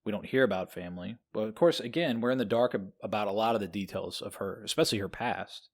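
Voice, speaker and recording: A man co-hosting a podcast, talking through a novel in a lively, rambling way. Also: on the low side, fast, vocal fry. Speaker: podcast co-host. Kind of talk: casual book discussion.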